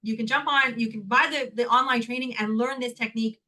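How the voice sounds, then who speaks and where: A Canadian woman, a guest in an interview, telling a personal story in an animated way, laughing often and acting out the voices of the people she quotes. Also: fairly high pitch, fast talker, rough recording. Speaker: guest, healing technique teacher.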